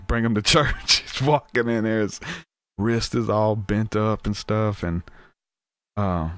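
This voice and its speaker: A podcast host with a fairly low voice tells an informal story at a slow pace, animated and often pausing to act out what people said. He restarts sentences frequently. The sound is dry and close, with little room echo.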